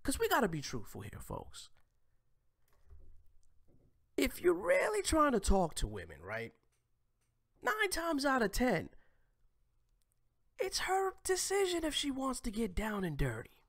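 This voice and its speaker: A man hosting a live stream, ranting crudely and preachily, swinging between shouting and whispering. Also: extremely high pitch, huge pitch swings, a little slow, vocal fry, pauses often.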